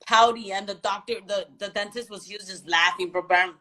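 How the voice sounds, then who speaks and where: A woman's voice: mid-range voice, steady tone, brisk, sharp tone. A woman from Phoenix in the United States, telling a story in a casual chat, laid-back and slangy, quoting what others said. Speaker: guest fighter.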